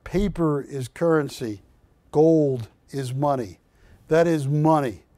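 A man hosting a live shopping channel, pitching coins in a folksy, joking, pushy sales manner. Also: slow, warm tone, dry recording.

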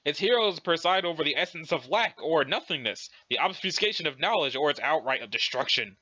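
A man's voice: fairly high pitch, animated, a little fast, sharp tone. A man doing a prim, polite alien lady. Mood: earnest, explaining. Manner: prim, formal, fussily polite. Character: polite formal young alien woman. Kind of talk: dramatic reading of a webcomic. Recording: dull lo-fi recording.

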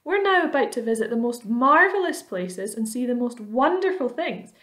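A gentle female ladybird from a storybook, voiced by a woman reader. She speaks kindly and calmly, in a slightly high, soothing voice. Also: moderate pace, reverberant. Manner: soothing, reassuring.

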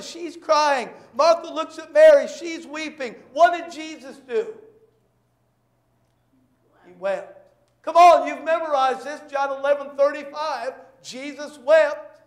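A man preaching a sermon as pastor, emphatic and repetitive, acting out quick bits of dialogue to make his points. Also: extremely high pitch. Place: church. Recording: echoey church sanctuary.

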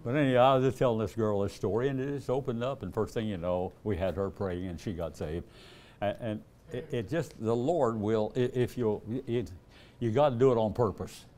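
A man's voice: on the low side, brisk, a little mellow, a little hiss or hum. An older man, an evangelist telling folksy stories in a sermon and acting out the dialogue. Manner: folksy, acts out dialogue in a raised voice, chuckles often. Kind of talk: storytelling sermon.

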